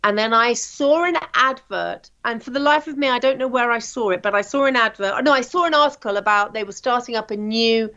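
A woman, a TV presenter, telling her career story in a chatty, animated way with plenty of ums. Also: fairly high pitch, brisk, hardly any pauses, lo-fi sound. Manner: chatty, animated anecdotes with frequent fillers. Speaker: guest, TV presenter. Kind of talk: interview storytelling.

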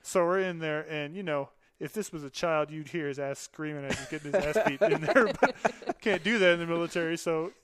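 With crowd noise in the background, this Air Force veteran in his thirties tells casual stories as a podcast guest. He talks a little fast in a slightly high voice with hardly any pauses, laughing a lot and acting out the lines.

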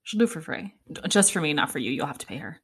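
A young woman rambling through her own casual podcast, chatty and exasperated, breaking into laughs and the odd swear. Her voice sits a little low for a woman. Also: very animated, racing, fairly bright tone, slightly rough. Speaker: podcast host.

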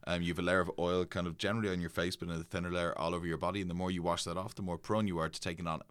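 A man's voice: sits low, little pitch movement, very fast, smooth, dry recording. A man co-hosting a casual podcast, teasing his co-host and confidently explaining things.

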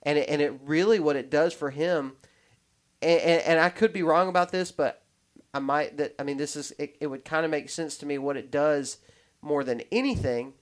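A man's voice: fairly high pitch, normal speed. A man hosting a podcast, chatting in a rambling, story-telling way with many restarts. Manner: rambling, restarts often, animated when telling stories. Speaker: podcast host. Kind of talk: casual podcast chat.

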